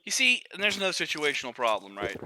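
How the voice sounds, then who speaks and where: A man streaming a shooter game, talking to his chat with profane, excitable outbursts and rambling explanations. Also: a little high, quick pace, slight background noise. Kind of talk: live gaming stream commentary to chat.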